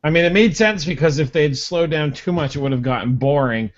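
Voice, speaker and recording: A man's voice: on the high side, brisk, highs cut off. A man co-hosting a podcast in casual chat. He talks in an easygoing, rambling way. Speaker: podcast co-host.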